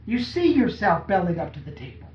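A man's voice: high voice, sing-song, a little fast, slight background noise. A man preaching a sermon to a congregation, often asking them questions that draw replies. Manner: call-and-response, asks the congregation questions. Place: church hall. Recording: echoey, dull, from far off.

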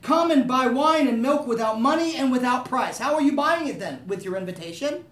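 A man's voice: very high-pitched, lively intonation, fairly quick, a bit bright. A man preaching a sermon, talking conversationally and asking the room to agree with him. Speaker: pastor. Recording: echoey room, voice from a distance.

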